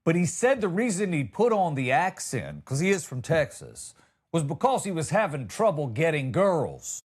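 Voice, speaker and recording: A man's voice: a little high, big pitch swings, moderate pace, husky. An American man hosting a comedy podcast, telling stories in a loose, rambling way with jokey asides. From United States.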